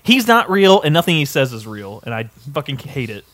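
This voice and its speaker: A man's voice: mid-range voice, very animated, fairly quick, fairly bright tone, dry recording. Blunt, profane young man. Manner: blunt, profane, hedging opinions. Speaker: podcast co-host. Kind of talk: casual sports chat.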